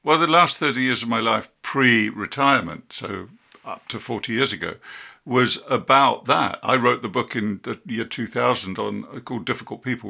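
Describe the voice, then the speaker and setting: A man's voice: mid-range voice, creaky, sharp tone. A man in his sixties from the United Kingdom, hosting a podcast interview, reflective and telling stories. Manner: reflective, storytelling with quoted dialogue. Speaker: podcast host, psychologist. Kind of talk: conversational interview.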